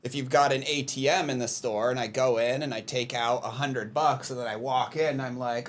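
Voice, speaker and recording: A man's voice: mid-range voice, fairly even intonation, fairly quick, hardly any pauses. A man hosting a podcast, chatting casually and telling jokey stories in which he acts out little scenes.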